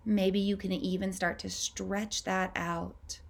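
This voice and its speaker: A woman hosting a podcast, leading a guided breathing meditation in a slow, gentle, soothing way with long pauses. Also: medium pitch, level tone, vocal fry.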